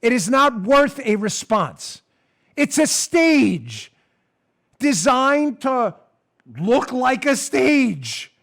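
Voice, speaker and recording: A man's voice: very high-pitched, very animated, very slow, gravelly. A man hosting a political talk show, sarcastic and exasperated, ranting and mocking as he goes. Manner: ranting, getting louder. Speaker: podcast host. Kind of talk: political commentary.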